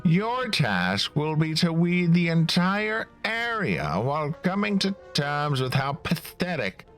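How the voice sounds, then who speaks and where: A man's voice: a little high, very animated, a bit bright, soft background music, pitched above the performer's own voice, full character voice. A man doing a sneering prison guard. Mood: mocking. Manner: taunting, drawn-out mocking delivery. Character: sneering male prison guard, bossy and scornful.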